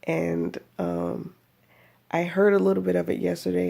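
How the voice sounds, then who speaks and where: A woman's voice: on the low side, flat delivery, normal speed, gravelly, dark tone. A woman giving a chatty, rambling personal video update, laughing often as she talks. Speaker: vlogger.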